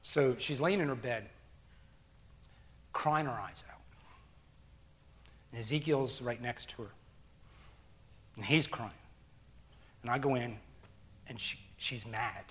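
Preaching slowly with frequent pauses, a middle-aged male pastor speaks in a mid-range voice. He is earnest, moving between near-whispered hushes and loud, emphatic outbursts.

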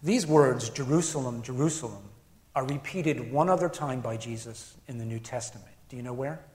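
A man preaching a sermon in an earnest, reflective way, moving between emphatic lines and hushed ones. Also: medium pitch, normal speed, reverberant, long reverb tail.

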